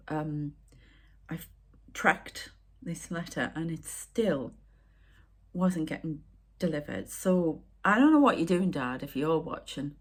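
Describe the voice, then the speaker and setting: Husky, low-pitched emotional woman medium. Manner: rambling and emotional, often dropping to a near whisper. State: emotional, upset. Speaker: spiritual medium and channel host. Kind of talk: casual spiritual vlog talk.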